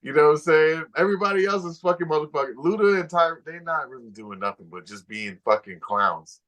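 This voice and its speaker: A man's voice: fairly high pitch, lively intonation, fairly quick, a bit bright. A man co-hosting a casual podcast chat, talking in a laid-back, slangy way full of "bro" and "you know what I'm saying.". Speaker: podcast co-host. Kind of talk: casual movie-talk chat.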